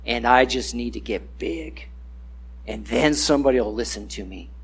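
A man's voice: mid-range voice, moderate pace, breathy edge. A man giving a casual, conversational sermon, acting out the voices he quotes.

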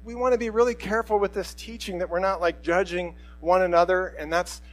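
A middle-aged man pastor preaches in a relaxed, conversational way, slipping into quoted voices as he tells a personal story. His voice sits a little high for a man. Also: a little fast, rough recording.

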